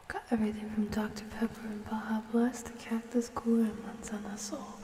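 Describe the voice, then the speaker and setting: A woman streamer hosting a cozy ASMR chat, talking to viewers softly and often in a whisper, unhurried. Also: rumbling low, echoey room, in a large hall, recorded from a distance, background noise.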